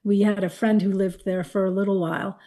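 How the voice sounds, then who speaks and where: A woman recounts her own experiences in an interview. Her voice is warm and mellow. She speaks candidly and reflectively, growing animated when she quotes others. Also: medium pitch, fairly quick. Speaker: guest, caregiver wife. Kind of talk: personal interview storytelling.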